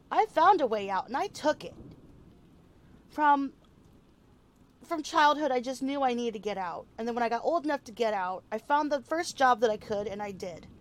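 In an audio role-play drama, a woman plays a weary, foul-mouthed former killer who just wants to live in peace. Her high, natural voice sounds defiant as she talks casually, full of fillers and restarts, sometimes chewing food with her mouth full.

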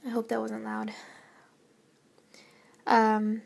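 A woman's voice: on the high side, completely flat delivery, extremely slow, gravelly. A young woman, a college student, chatting in a rambling, hesitant way and often dropping to a whisper, her nose stuffy from a lingering cold. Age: young adult. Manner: rambling, hesitant, with many fillers and soft laughs. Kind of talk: casual chat, often whispered.

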